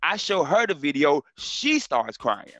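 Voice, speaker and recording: Man, middle-aged comedian, storytelling, animated and slangy, bright voice, dry sound. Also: a little high, a little slow, dry recording. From North Carolina. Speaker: comedian guest. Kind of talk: storytelling in a casual interview.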